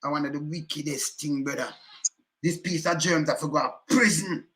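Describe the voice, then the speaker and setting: A man's voice: a little high, fairly even intonation, fairly quick, a bit bright. A Jamaican man giving heated, emphatic commentary in patois, repeating himself and cursing often.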